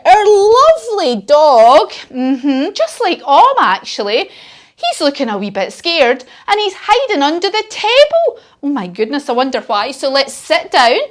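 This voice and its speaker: A woman guides children through yoga poses in a high, lively voice. She spins a playful story and praises the little ones warmly as they go. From United Kingdom. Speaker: kids yoga instructor. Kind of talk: children's yoga class instruction.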